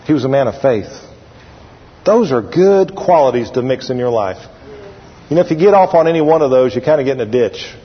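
A man preaching a sermon as pastor, animated and drawling, repeating phrases for emphasis. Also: mid-range voice, brisk, husky. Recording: lo-fi recording with long hall reverb.

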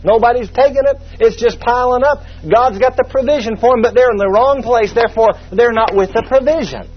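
A preacher with a very high, breathy voice teaches from the Bible at a fairly quick pace, folksy and humorous, with plenty of asides. The sermon recording is muffled and lo-fi.

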